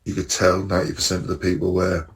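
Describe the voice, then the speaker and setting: A man with a fairly low voice chats casually on a podcast, telling a long travel story. He rambles, restarts and laughs at his own jokes. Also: monotone, fast, recorded from a distance. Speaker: podcast co-host. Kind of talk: casual chat, travel anecdotes.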